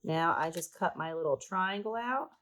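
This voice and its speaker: Against a noisy background, an art teacher with an expressive voice on the low side speaks at a moderate pace. She teaches a paper craft step by step, talking chattily as she works and teasing herself a little.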